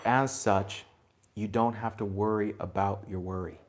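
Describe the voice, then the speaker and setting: A man giving a spiritual talk to a group, gentle and reflective, chuckling now and then and dropping in blunt asides. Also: on the low side, steady tone, a little slow, slight background noise. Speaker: spiritual teacher.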